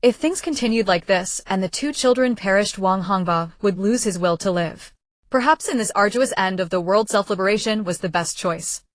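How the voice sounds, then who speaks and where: A woman reads a web-novel audiobook at a steady, even pace. Her voice sits in a middle pitch and is recorded close, dry and without room echo. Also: normal speed. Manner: even, steady reading of a translated web novel, with slips in pronouns. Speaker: narrator. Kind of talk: scripted audiobook narration.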